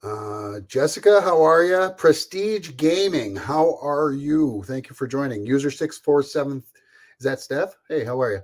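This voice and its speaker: A man's voice: mid-range voice, lively intonation, a little slow. A man hosting a casual live stream from home, rambling chattily, greeting viewers by name and laughing often. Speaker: livestream host.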